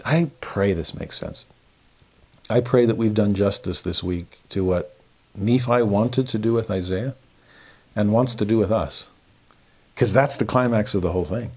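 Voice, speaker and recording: A man teaching a scripture lesson, an animated storyteller who acts out his own thoughts, then turns earnest and quietly emphatic. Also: lowish voice, breathy edge. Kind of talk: recorded religious lesson.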